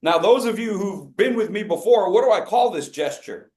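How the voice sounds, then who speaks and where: A man's voice: high-pitched, moderate pace. A man leading a speaking workshop, calling out upbeat instructions and joking with the group. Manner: upbeat, animated, jokes with the group; calls out instructions and audience names. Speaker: speaking coach. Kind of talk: interactive coaching workshop.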